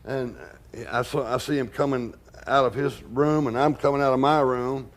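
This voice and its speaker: Older man, blunt animated storyteller. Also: mid-range voice, normal speed. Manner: animated, blunt, swears freely. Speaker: interviewee recalling past events. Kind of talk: documentary interview storytelling.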